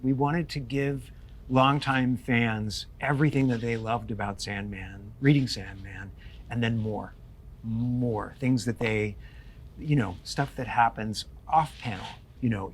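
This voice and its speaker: A man on a panel speaking in a measured, articulate way about the show. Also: mid-range voice, fairly even intonation, a little hiss or hum. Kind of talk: panel discussion.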